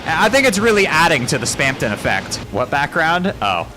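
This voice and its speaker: A young man streams a game live, bantering with his chat in a fairly high voice that swings widely up and down. He turns excitable and jokey, yelping when something catches him off guard, with faint game music behind him. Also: normal speed.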